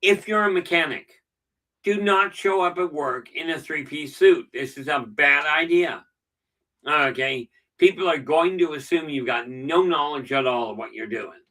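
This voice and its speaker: A man's voice: on the high side, unhurried, sharp tone, far from the mic, rough recording. A middle-aged man hosting a casual live stream, telling stories with dry jokes. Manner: chatty storyteller with dry jokes. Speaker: channel host.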